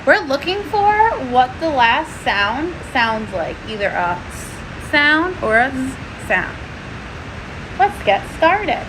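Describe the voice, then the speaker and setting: A woman teaching a first-grade phonics lesson, sounding out letters and words slowly and clearly. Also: sits high, big pitch swings, noisy background.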